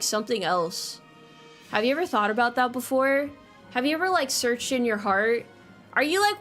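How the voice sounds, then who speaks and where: Young woman streaming, kinda high voice, rambles and swears a lot, faint music under it. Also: fairly bright tone. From United States. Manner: joking, rambling, swears freely, quick laughs. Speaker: VTuber streamer. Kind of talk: casual livestream chat.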